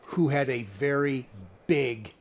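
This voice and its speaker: Guy in his 60s, mid-pitched, calmly walking through the plot. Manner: steady, measured plot summary. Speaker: podcast co-host. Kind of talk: casual chat recap.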